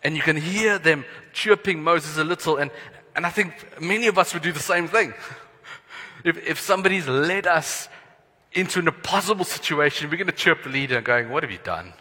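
A man pastor preaching a sermon in an earnest, prayerful way, letting his phrases trail off softly. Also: on the high side, moderate pace, husky. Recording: long hall reverb.

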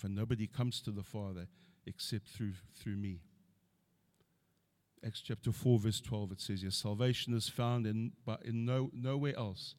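A man's voice: on the low side, a little mellow. A middle-aged man preaching a sermon, earnestly quoting scripture and building to emphatic points.

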